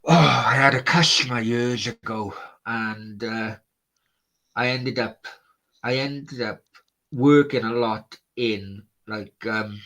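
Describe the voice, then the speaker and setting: A man's voice: medium pitch, slow pace, sharp tone, poor audio. A man hosting a late-night stream, chatting casually and swearing while he reads out viewer comments. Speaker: livestream host.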